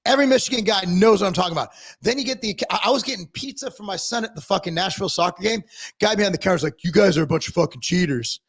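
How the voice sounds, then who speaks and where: A man ranting casually on a podcast livestream, profane and animated as he tells stories. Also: high-pitched, racing, husky. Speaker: podcast co-host. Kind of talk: casual political rant.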